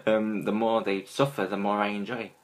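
Low-voiced excitable male fan reviewer. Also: normal speed. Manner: excitable, gushing, many ums. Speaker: TV episode reviewer. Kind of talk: casual fan review to camera.

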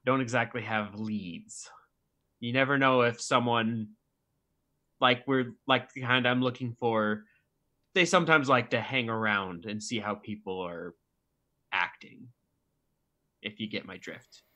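A man's voice: medium pitch, unhurried, long pauses, pushed and bright, highs cut off. A man voicing a grown male murder investigator in a tabletop role-play game, speaking in a hesitant, roundabout way. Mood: probing.

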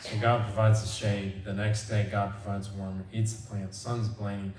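A man preaching a conversational sermon as pastor, animated and acting out the people he quotes. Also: lowish voice, normal speed, slight background noise. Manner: animated, acts out quoted voices. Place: church sanctuary. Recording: echoey church hall from far off.

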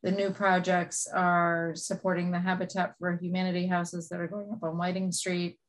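A woman's voice: lowish voice, flat delivery, moderate pace, low-quality recording. A woman giving a hesitant liaison report at a town committee meeting. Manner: hesitant, many fillers.

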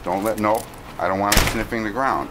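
A man training a dog while filming, giving short calm commands and explaining his method. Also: fairly low pitch, fairly quick. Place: indoors at a kennel facility. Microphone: handheld camera mic. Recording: loud background noise, dogs barking.

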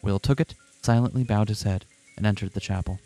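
A man with a lowish, mellow voice reads a visual novel aloud with friends a little quickly, moving between narration and character voices and laughing between lines. It's a casual, dramatic read-through where he keeps breaking into jokes, with soft music in the background.

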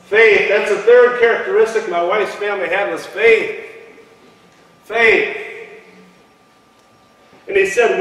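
Heard distantly in an echoey church hall, a male pastor delivers a sermon in the sanctuary, reading scripture and prompting the congregation to answer back. He speaks high and fairly bright, at a measured pace with a steady tone and long pauses.

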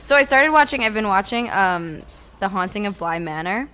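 A woman's voice: medium pitch, lively intonation, normal speed, pushed and bright, clear, resonant tone. A woman streamer casually chatting with her viewers while playing a game, blunt and talkative, now and then swearing. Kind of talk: casual live-stream chat while gaming.

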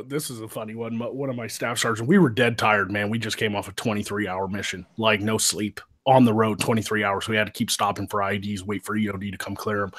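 A man in his thirties, an army veteran, telling profane war stories in casual chat, laughing often. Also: on the low side. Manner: profane, laughing, shouts when quoting others. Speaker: podcast co-host, army veteran.

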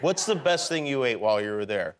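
A man's voice: mid-range voice, sing-song, a little fast, noisy background. A middle-aged man hosting a talk show, joking easily with his guest. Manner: joking, easygoing. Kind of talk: casual interview chat.

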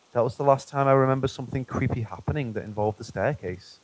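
A man reading true paranormal stories aloud in a calm, even narration. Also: mid-range voice, fast talker, hardly any pauses, husky, low-quality recording. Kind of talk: scripted narration.

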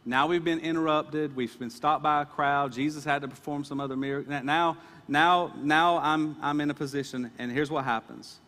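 A man's voice: fairly high pitch, fairly even intonation, moderate pace, few pauses, sharp tone, in a large hall. A male pastor preaching a sermon in an earnest, emphatic way, often repeating his words.

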